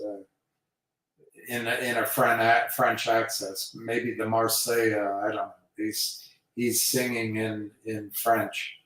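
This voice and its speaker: A man hosting a live stream, rambling hesitantly with many fillers. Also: mid-range voice. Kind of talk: casual rambling talk. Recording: very echoey room, mic far off.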